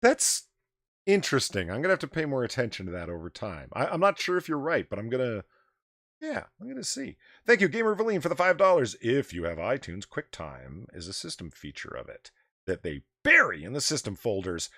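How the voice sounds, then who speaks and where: A man's voice: mid-range voice, huge pitch swings, a little fast, bright, forceful tone, dry recording, clean studio sound. A man hosting a casual livestream chat, ranting animatedly and swearing freely into his desk microphone. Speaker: podcast host.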